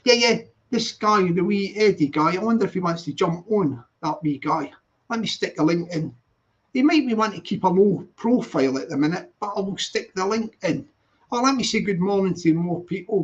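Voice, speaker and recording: A man's voice: high-pitched, animated, normal speed. A Scottish man hosting a casual live stream, upbeat and chatty, repeating his greetings. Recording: dull lo-fi sound.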